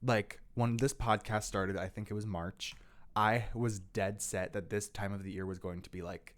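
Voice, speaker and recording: A man's voice: on the low side, steady tone, normal speed. A man hosting a podcast in casual chat, rambling and leaning on filler words. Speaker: podcast host.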